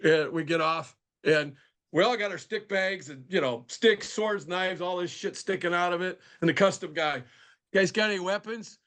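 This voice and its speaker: A man joining a video call as a guest, telling a funny story casually. He acts out the people he quotes with lively shifts. His voice sits slightly high. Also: normal speed.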